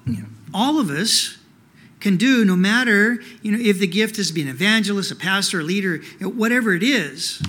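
A man with a high voice preaching a sermon from the pulpit. He talks conversationally, with plenty of "you know" fillers. He keeps asking his listeners rhetorical questions. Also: fairly quick, fairly bright tone. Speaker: pastor.

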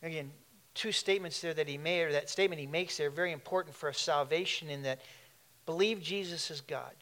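Man, pastor preaching, animated, laughing asides, fairly high voice. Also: a little fast. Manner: animated, laughing asides, shifts between loud and hushed. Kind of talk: sermon.

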